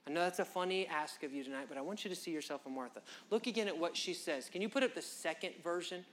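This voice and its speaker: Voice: mid-range voice, fast, a bit bright. A preacher giving an impassioned, conversational sermon at a church service, talking straight to the congregation in folksy, direct phrasing.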